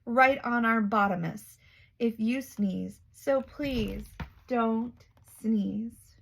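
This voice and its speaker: A woman's voice: fairly high pitch, fairly even intonation, a bit bright. A woman voicing a worried hippopotamus in a storybook. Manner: slow, pleading.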